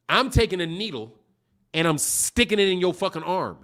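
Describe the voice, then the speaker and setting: A man with a notably high voice hosts a boxing livestream. He rants casually, swearing freely and mocking his targets in heavy slang. He breaks into laughter often. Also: lively intonation, normal speed, fairly bright tone. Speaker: boxing channel host.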